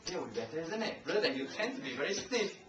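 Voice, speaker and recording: A man's voice: fairly high pitch, very animated, racing, lo-fi sound. A man from Singapore with a Singaporean English accent, giving a playful, teasing language evaluation at a club meeting, laughing often. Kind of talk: humorous speech to a club meeting. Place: meeting room, live audience. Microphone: far handheld camcorder. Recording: echoey room, heard from far off, noisy.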